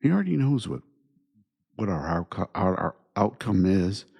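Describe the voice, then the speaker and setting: A man hosting his own podcast, talking through his thoughts in an unhurried monologue and repeating his points through rhetorical questions. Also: low voice, sing-song, vocal fry, darkish tone, breathy edge. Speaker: podcast host. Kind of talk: reflective monologue.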